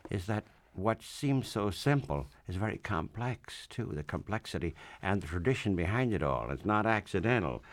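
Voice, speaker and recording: A man interviewing an author on the radio, earnest and halting, often stumbling over his words. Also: on the low side, very animated.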